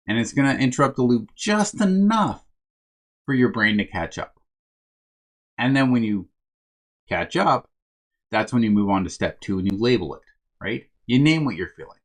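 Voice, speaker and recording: A man's voice: medium pitch, very animated, moderate pace, pauses often. A man giving a motivational self-help talk as a coach for first responders, speaking conversationally, checking in with "right?" and calling his listeners "my friends".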